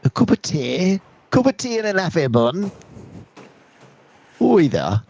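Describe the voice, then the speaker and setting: A man's voice: sits high, very animated, unhurried, gravelly, a little mellow, muffled recording, slight background noise, pitched above the performer's own voice, heavily acted. A man putting on a jokey English village accent, playing a cheery old-fashioned local bobby. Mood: hamming. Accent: put-on English village accent. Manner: jokey, exaggerated, sing-song.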